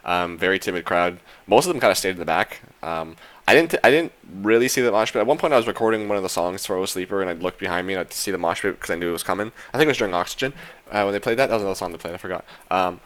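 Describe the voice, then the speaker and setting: A man's voice: deep voice, lively intonation, rapid-fire, a bit bright. A young man casually recapping a concert in a vlog, rambling with lots of fillers and casual swearing. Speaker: vlogger.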